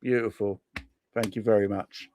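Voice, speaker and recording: A man hosting a casual livestream, thanking viewers one by one in an excitable, effusive way with plenty of slang. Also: on the low side, moderate pace, no room sound. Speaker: livestream host.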